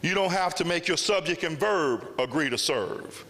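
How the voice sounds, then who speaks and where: A man's voice: fairly high pitch, animated, normal speed, fairly bright tone. A man telling a story in a public speech at a summit, with emphatic repetition. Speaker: summit speaker. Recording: long hall reverb.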